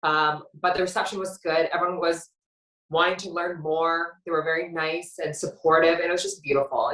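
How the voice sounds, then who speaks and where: A woman's voice: low-pitched, fairly bright tone. A woman from Canada, a guest telling her story with drama and acting out who said what. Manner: dramatic, acts out quotes of herself and others. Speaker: reality show contestant guest. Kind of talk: animated storytelling interview. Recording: roomy echo, distant from the mic.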